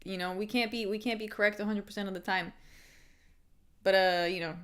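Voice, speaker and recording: A woman hosting a live fight watch-along, chatting excitedly, swearing casually and laughing often. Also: mid-range voice, fairly quick. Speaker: livestream host.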